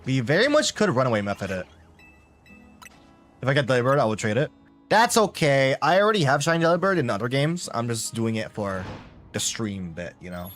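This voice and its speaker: A man's voice: mid-range voice, very animated, fairly quick, a bit bright, soft background music. Chatty man streaming a game. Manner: chatty, rambling, talks to chat. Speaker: live-streamer. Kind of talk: casual gameplay commentary.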